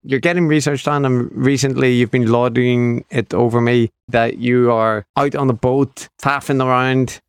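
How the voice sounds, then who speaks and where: Guy cohosting a podcast, smooth voice, playful and teasing, hams up the drama. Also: medium pitch, fairly even intonation, moderate pace, few pauses, no room sound, studio quality. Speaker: podcast co-host. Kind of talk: casual podcast chat.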